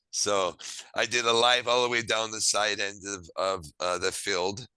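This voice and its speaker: A man telling stories in a casual chat, lively and acting out the dialogue. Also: fairly low pitch, a little slow, smooth, no room sound, low-quality recording. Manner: lively, acts out quoted dialogue; self-described quirky. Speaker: podcast host. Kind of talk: casual storytelling.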